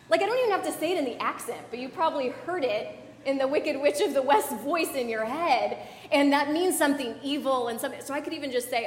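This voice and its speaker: A woman's voice: high-pitched, expressive, moderate pace, a bit bright. A young adult woman pastor giving a conversational sermon, chatty, with fillers and asides to the congregation. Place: church sanctuary. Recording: echoey church hall.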